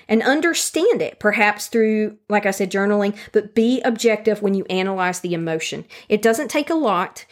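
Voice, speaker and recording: A woman giving a calm, earnest self-help talk that speaks directly to the listener and repeats key phrases for emphasis. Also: mid-range voice, normal speed, few pauses. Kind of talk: teaching monologue on handling anger.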